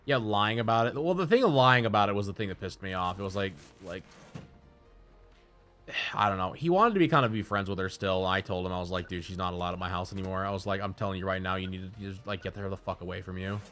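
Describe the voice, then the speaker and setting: A man's voice: low voice, fast, a bit bright, faint music behind. A man streaming live, telling rambling, profane stories in casual chat.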